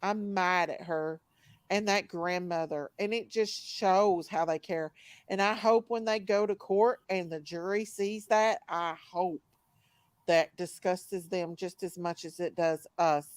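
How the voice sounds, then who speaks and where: A woman's voice: lowish voice, unhurried, clear, resonant tone, dry recording. A woman hosting a live online panel, talking heatedly and greeting viewers by name as she goes. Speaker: livestream panel host. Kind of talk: casual live chat.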